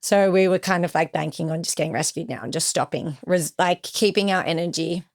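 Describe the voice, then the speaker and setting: Young woman on a podcast, kinda low voice, telling her story with lots of acted-out quotes. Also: fairly even intonation, fairly quick. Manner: vivid retelling with acted-out quotes. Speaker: podcast guest. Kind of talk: emotional personal storytelling.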